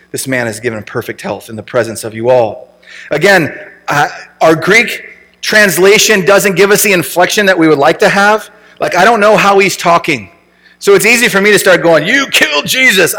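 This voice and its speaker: A man's voice: high voice, a bit bright. A man preaching a conversational sermon as pastor, often checking in with rhetorical questions. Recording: long reverb from a large room.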